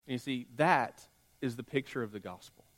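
Male pastor, sermon storytelling, pauses and hushed drops, long church reverb. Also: mid-range voice.

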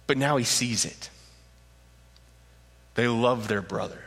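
A man preaching a sermon, telling the story with lively animation and acting out the quotes. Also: mid-range voice, slow, husky. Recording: echoey hall.

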